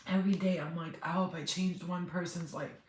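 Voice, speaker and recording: A woman's voice: on the low side, fairly even intonation, fairly quick, a little mellow. A middle-aged woman, a spiritual healer, talking to viewers on a live stream while crying, rambling and emotional. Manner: tearful, rambling, talks straight to viewers. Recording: echoey room, faint background noise.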